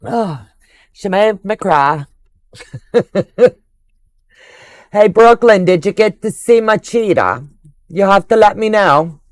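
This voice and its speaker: A woman's voice: mid-range voice, expressive, slow, pauses often, no room sound. An older woman hosting a quilting livestream, chatting casually and gushing affectionately over viewers' comments.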